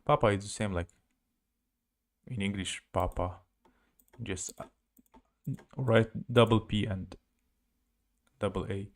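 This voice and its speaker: A man with a Russian accent teaches a live language lesson, halting and searching for words as he spells out letters. His voice is fairly low in pitch with a steady tone.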